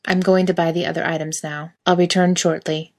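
A woman voicing a stiff, literal-minded male angel who speaks formally and calmly. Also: lowish voice, a little fast. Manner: formal, plain and calm.

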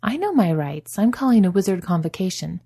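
A woman's voice: mid-range voice, sing-song, fairly quick, mellow, husky, dry recording, studio quality, voice pushed up. A woman voicing a firm, defiant young princess. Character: bold, sharp-tongued young princess.

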